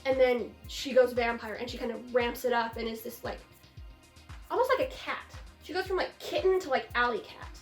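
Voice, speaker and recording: A woman's voice: a little high, normal speed, reverberant, soft background music. A young woman hosting a casual film discussion, gushing enthusiastically and acting out quotes. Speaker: film review host.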